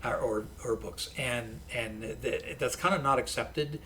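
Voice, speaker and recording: A man's voice: medium pitch, unhurried, crowd noise. A male college professor telling anecdotes in a casual podcast interview, restarting his sentences often. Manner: animated anecdotes with frequent restarts.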